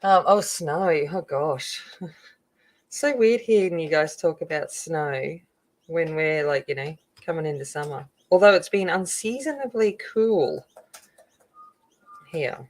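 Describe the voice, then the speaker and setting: A woman's voice: deep voice, unhurried, a little mellow, low-quality recording. Chatty Australian woman greeting live viewers. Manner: chatty, greets viewers by name, rambling asides. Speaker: coloring channel host. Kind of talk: casual live-stream chat while coloring.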